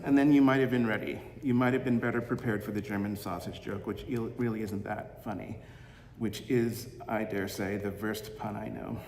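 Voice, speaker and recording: A man giving a Sunday reflection as minister, gentle and halting, fond of corny puns. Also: lowish voice, steady tone, creaky. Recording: roomy echo with long hall reverb, faint ambience.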